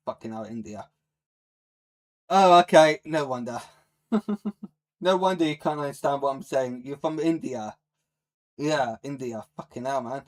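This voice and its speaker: A man on a live stream, ranting at his chat in a profane, mocking, hostile way. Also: medium pitch. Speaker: livestreamer.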